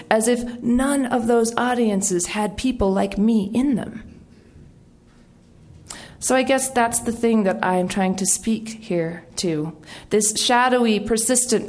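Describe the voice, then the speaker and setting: A middle-aged woman from the United States, an author giving a storytelling talk in a wry, animated way with quoted voices. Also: fairly high pitch.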